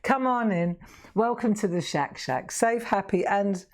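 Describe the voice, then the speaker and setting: A woman's voice: mid-range voice, lively intonation, normal speed, darkish tone. A middle-aged woman chatting casually to viewers while crafting live, laughing often. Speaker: craft livestream host.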